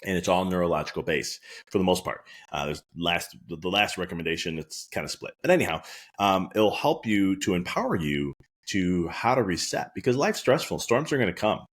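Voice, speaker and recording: Quick, low-voiced male podcast host and chiropractor; anecdotal, earnest storyteller. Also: lively intonation. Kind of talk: casual podcast monologue.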